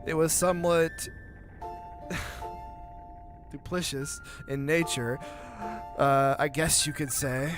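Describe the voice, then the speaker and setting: A man voicing a gruff, sneering old con man in a video game read-through, loud and theatrical. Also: fairly high pitch, fairly even intonation, slow pace, long pauses, over music. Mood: sly. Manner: loud, rough, theatrical insults.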